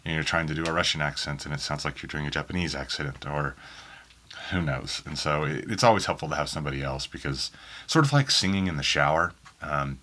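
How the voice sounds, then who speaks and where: This audiobook narrator from Oklahoma, who carries a faint Southern accent, talks through interview questions in a rambling way, with plenty of ums and restarts. His very deep voice is brisk, pushed, and bright, captured in a small home booth in a spare bedroom.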